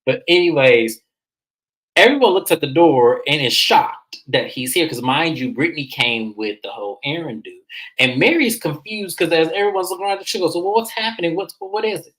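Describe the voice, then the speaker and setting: Animated low-voiced woman recapping reality TV. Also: moderate pace, rough recording. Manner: animated, swears freely, acts out quotes in high voices. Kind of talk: casual recap chat.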